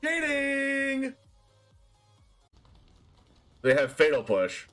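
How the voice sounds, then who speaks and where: A man streaming a card game, commenting loudly and excitedly on each play. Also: very high-pitched, extremely slow, soft background music. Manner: loud, excitable, often shouting and laughing.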